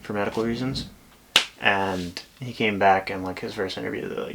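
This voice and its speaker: A man's voice: fairly low pitch, fairly even intonation, moderate pace, creaky, noisy background. A man co-hosting a podcast, chatting casually and telling stories with lots of fillers. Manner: laid-back storyteller, trails off with fillers. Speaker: podcast co-host. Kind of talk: casual chat.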